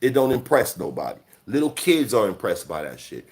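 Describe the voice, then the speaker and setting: A man's voice: lowish voice, big pitch swings, a little fast, a little mellow. Profane scolding man in his forties. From Chicago. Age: 40s. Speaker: livestream host. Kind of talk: livestream rant.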